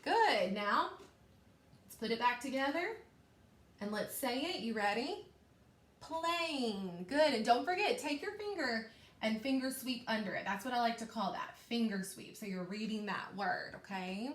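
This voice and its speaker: A woman teacher giving a patient, encouraging phonics lesson to young children, speaking clearly and slowly. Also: fairly high pitch, lively intonation. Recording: echoey room.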